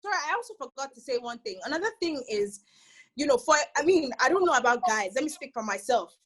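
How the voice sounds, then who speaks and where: Nigerian woman guest, emphatic and earnest, high and husky voice. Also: big pitch swings, quick pace, rough recording. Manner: earnest, emphatic, often asks "do you understand?". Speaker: panel guest. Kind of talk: casual panel discussion.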